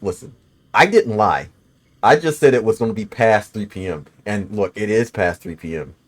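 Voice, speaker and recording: A man in his twenties with a lowish voice gives laid-back, swear-heavy commentary while he plays a game. He chats loosely with his viewers between fights and is bothered by the hiccups. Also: expressive, moderate pace. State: has the hiccups. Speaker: gaming streamer. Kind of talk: casual gameplay commentary.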